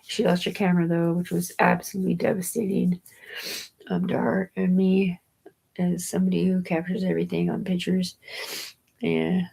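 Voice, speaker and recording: A woman with a lowish voice and a gravelly, fry-laden edge talks casually and at length. She keeps circling back with "anyway" and "you know", swears offhandedly and laughs her way through her own story. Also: level tone, normal speed, warm tone, rough recording. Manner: chatty and digressive, with frequent fillers and restarts. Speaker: mother telling a personal story.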